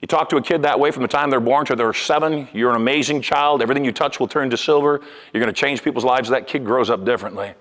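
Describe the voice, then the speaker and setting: A man giving a live motivational talk to a room of sales agents, telling stories in an animated way with sudden loud bursts. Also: medium pitch, fast. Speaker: motivational speaker. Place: large event hall. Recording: long hall reverb.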